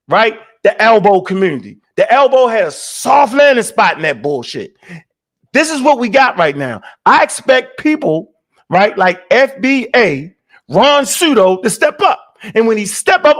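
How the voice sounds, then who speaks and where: A man with a high voice lectures a streamed debate with force. He keeps pushing his points, tagging them with "right?" to keep the listener with him. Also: fairly bright tone. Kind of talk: heated live stream debate.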